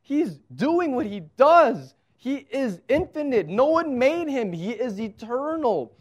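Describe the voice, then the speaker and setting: A man's voice: very high-pitched, big pitch swings, slow. A man preaching a sermon as pastor, conversational and emphatic, with touches of humor.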